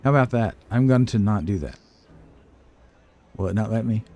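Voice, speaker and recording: An older man chats through his first game stream in a low, mellow voice. He is hesitant and self-deprecating, and he talks to himself and to the game as he fumbles along. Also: normal speed. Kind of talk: casual gameplay commentary.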